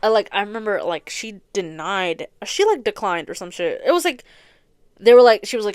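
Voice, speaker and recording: A young woman with a smooth, clear voice of middling pitch chats her way through a long story as a podcast host. She rambles, swears freely and leans on filler words. The sound is dry and close, with no room in it. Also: animated, fairly quick, no echo. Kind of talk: casual storytelling chat. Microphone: close studio mic, audio only.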